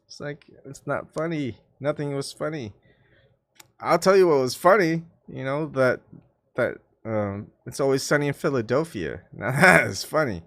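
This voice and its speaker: A man's voice: mid-range voice, lively intonation, moderate pace, fairly bright tone, no room sound, studio quality. Rambling man chatting on a live stream. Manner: rambling, self-mocking, with many fillers and restarts. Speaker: YouTube channel host. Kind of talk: casual live-stream chat.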